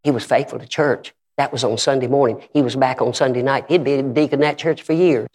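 A man's voice: medium pitch, steady tone, fast talker, a little mellow, slightly rough. A man preaching a storytelling sermon, dramatic and vivid as he tells his stories. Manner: dramatic storytelling with voiced quotes.

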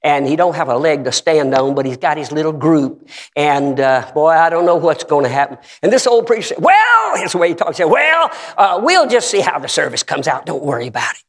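A man with a high voice preaches in a church, spinning stories and acting out the people in them. His voice climbs into shouts at the big moments. Long reverb from the sanctuary trails every line. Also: expressive, fairly quick. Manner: storytelling with acted-out quotes, rising to shouts. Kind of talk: sermon.

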